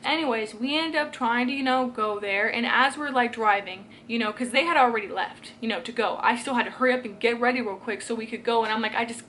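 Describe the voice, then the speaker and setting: Young woman vlogger, higher voice, rambling emotional storyteller talking to her own camera. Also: quick pace, few pauses, a bit bright, slight background noise. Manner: rambling and emotional, heavy with filler words. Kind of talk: casual storytime vlog. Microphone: camera she films herself with.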